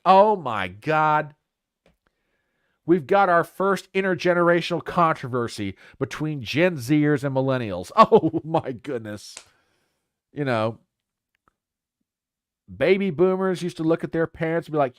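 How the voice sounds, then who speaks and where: A man's voice: a little high, expressive, unhurried, no room sound, studio quality. An older man hosting a casual talk show, reading news aloud with sarcastic asides. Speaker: podcast host. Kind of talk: casual livestream commentary.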